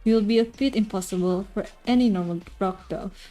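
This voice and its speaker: A woman voicing a cold, scheming male doctor in a visual novel, speaking calmly and formally. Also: medium pitch, a little fast, close to an everyday voice. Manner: calm, formal, menacing.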